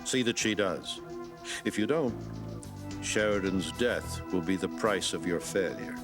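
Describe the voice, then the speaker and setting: An actor playing a ruthless, powerful patriarch who speaks with slow, deliberate menace. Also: male voice, low voice, animated, music in the background. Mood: menacing. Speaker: scheming wealthy father. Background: soap opera score.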